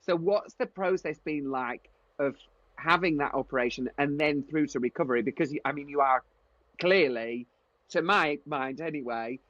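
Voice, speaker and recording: A man's voice: on the high side, normal speed, a bit bright, dry recording, dull audio. A man with a Yorkshire accent co-hosting, asking long rambling questions in casual chat. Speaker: co-host.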